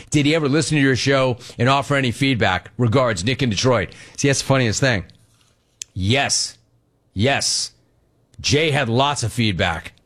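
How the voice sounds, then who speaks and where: A man hosting a sports radio show, reading listener questions and answering them with casual anecdotes and quick impressions of people he talks about. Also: mid-range voice, fairly bright tone. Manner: storytelling, mimics people in anecdotes.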